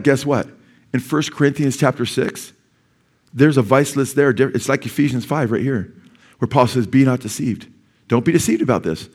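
A man's voice: medium pitch, a little mellow. A man preaching a sermon as pastor, earnest and urgent, with sudden emphatic rises in his voice. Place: church sanctuary.

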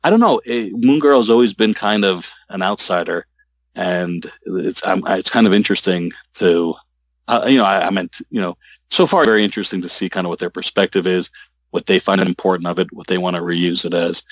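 Deep-voiced guy, halting and restarting a lot, dry close sound. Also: no room sound. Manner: rambling, halting, many restarts. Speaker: comic book writer guest. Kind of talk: casual interview talk.

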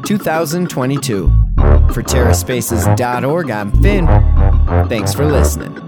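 A male podcast host reads a scripted outro with a lively, rising-and-falling delivery. Music plays clearly under his voice. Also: mid-range voice, unhurried. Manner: read from a script.

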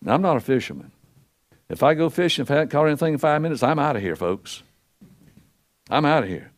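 Older guy preaching, folksy storyteller, voice a bit high, swings loud and soft. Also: big pitch swings, fast talker. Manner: folksy storytelling, acts out quotes, wide swings in pitch and loudness. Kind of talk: sermon.

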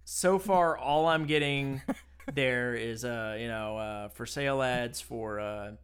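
A man's voice: medium pitch, takes it slowly, fairly bright tone, clear, resonant tone. A man co-hosting a podcast in casual banter, joking and rambling, often laughing. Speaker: podcast co-host.

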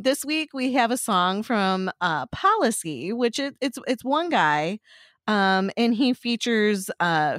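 A woman's voice: medium pitch, fairly bright tone, no room sound, studio quality. A woman hosting a casual chat, rambling with many fillers and frequent giggles. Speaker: podcast host.

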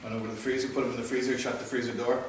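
A man's voice: mid-range voice, flat delivery, very fast, background noise. A man, possibly a rabbi, giving an informal talk on Jewish practice, opening with a joke in a conversational teaching manner. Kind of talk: informal Torah class talk. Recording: echoey hall, mic at a distance, faint ambience.

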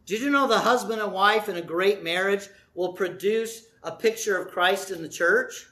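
Middle-aged male pastor, sermon; high, ringing voice, theatrical storyteller. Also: normal speed. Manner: dramatic storytelling, acting out voices, shifting from loud to soft.

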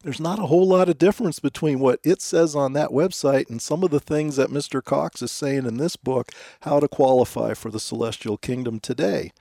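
A man's voice: medium pitch, brisk, vocal fry, hardly any pauses, dark tone, no room sound, clean studio sound. A man co-hosting a scripted discussion, skeptical and emphatic as he reads out quotes and questions them. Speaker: co-host.

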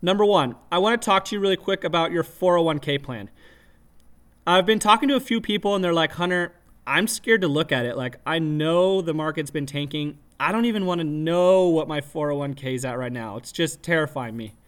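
A man hosting a podcast, telling a story in a casual, animated way, laughing often and acting out his own shouts. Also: a little high, a little fast. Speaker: podcast host.

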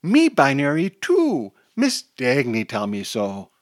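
A man doing a squeaky excited toddler girl. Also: slow pace, no room sound, studio quality, heavily acted. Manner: squeaky broken baby talk.

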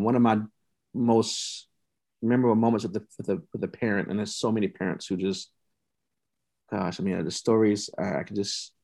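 Speaking in a lowish, slightly mellow voice, the founder of a youth mentoring program shares his story in a podcast interview. His manner is earnest and heartfelt, with repetition for weight, and emotion sometimes brings him near tears.

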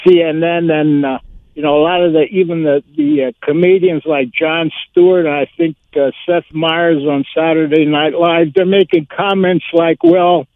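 A man calling into a radio talk show, rambling and halting with many fillers. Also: a little high, steady tone, no echo. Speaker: caller. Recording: tinny phone line.

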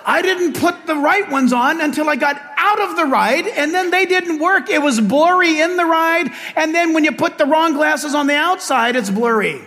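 High-voiced older pastor preaching. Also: male voice, normal speed, hardly any pauses, long reverb tail. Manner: animated storytelling with humor. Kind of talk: sermon.

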